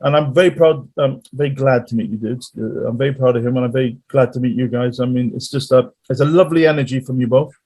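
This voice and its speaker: Male guest musician, rambling storyteller, mid-pitched voice. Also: fast talker, hardly any pauses, a little mellow, breathy edge. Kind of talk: casual interview chat.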